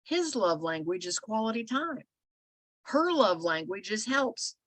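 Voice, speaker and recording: A middle-aged woman co-hosting a casual talk show, telling animated stories with lots of filler phrases. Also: fairly high pitch, measured pace, dry recording. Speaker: podcast co-host. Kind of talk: casual storytelling chat.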